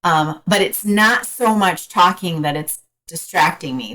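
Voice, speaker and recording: A woman coach as a podcast guest, talking frankly in a casual, hesitant way with many pauses. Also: low-pitched, fairly bright tone, low-quality recording. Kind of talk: casual interview chat.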